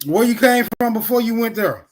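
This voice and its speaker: A man's voice: very high voice, animated, a little fast. Loose, profane livestream host man. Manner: loose, profane, teasing banter. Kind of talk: casual livestream chat.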